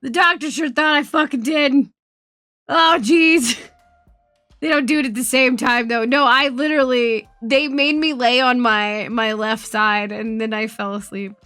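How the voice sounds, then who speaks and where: Woman streamer, high voice, dry close sound, faint music behind, animated, swearing, laughing a lot. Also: measured pace, dry recording. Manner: animated, profane storytelling with frequent laughter. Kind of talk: casual chat.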